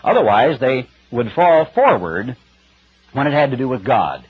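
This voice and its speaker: A man's voice: mid-range voice, very animated, measured pace, slightly rough. A man preaching a broadcast sermon in a plain-spoken, emphatic, conversational way. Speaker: radio preacher. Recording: dull lo-fi radio broadcast with faint music.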